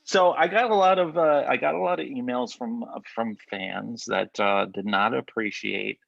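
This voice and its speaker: Guy co-hosting a podcast, deadpan ribbing, little lisp, dry muffled sound. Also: mid-range voice, moderate pace, gravelly, no room sound. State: slight lisp from a bitten tongue. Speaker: podcast co-host. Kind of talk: casual joking chat.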